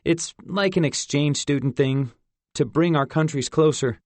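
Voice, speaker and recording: A male narrator voicing a quick-witted boy who bluffs hastily to cover for a friend. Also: fairly high pitch, a little mellow, no room sound. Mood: bluffing. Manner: hasty, bluffing.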